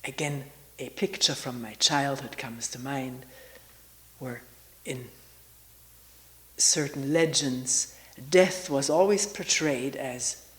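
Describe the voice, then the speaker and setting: A woman in her sixties giving a reflective spiritual talk as a meditation retreat teacher. She talks slowly and searchingly, with long pauses and often drops into a half-whisper. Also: very deep voice, fairly bright tone, poor audio.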